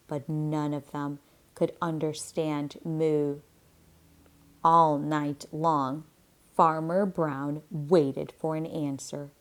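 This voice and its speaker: A woman teacher reading a picture book aloud slowly and deliberately, pausing for comprehension questions. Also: low voice. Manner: slow, deliberate read-aloud.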